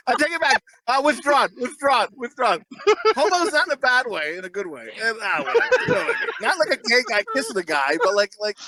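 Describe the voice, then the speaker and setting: A man's voice: extremely high pitch, very animated, moderate pace, long pauses, crowd noise, poor audio. A man in his thirties co-hosting a podcast, telling crude stories in a rambling way, full of fillers. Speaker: podcast co-host. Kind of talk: casual podcast banter.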